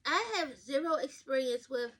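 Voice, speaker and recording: A woman's voice: high-pitched, expressive, moderate pace, a bit bright. A woman hosting a podcast, reading advice stories aloud and giving blunt, profane, chatty takes straight to her listeners, sometimes stumbling over words. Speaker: podcast host.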